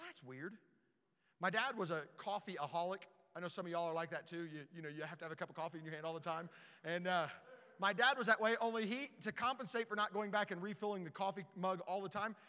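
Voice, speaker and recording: A man preaching a storytelling sermon, animated and stumbling over repeated words as he starts sentences. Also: sits high, in a large hall.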